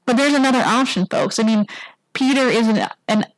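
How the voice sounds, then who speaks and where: A woman's voice: fairly high pitch, a little fast, no room sound, poor audio. A woman giving a conversational sermon in church. She keeps asking the congregation "right?" and acts out the quoted lines. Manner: casual, asks the congregation "right?" often. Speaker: church speaker. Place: church sanctuary.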